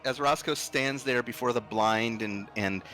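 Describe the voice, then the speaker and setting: A man narrating as game master of a tabletop game, in relaxed speech with frequent ums and uhs. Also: medium pitch, unhurried, soft background music.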